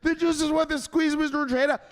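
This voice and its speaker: A man's voice: high voice, a little fast, creaky, dark tone, pitched above the performer's own voice. A man voicing a timid male investor who pleads and apologizes. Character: timid male investor afraid of losing money.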